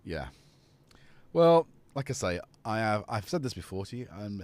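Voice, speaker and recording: A man's voice: lowish voice, big pitch swings, moderate pace, darkish tone, no echo. A man hosting a casual live stream, rambling and chatty as he talks to viewers and his cat.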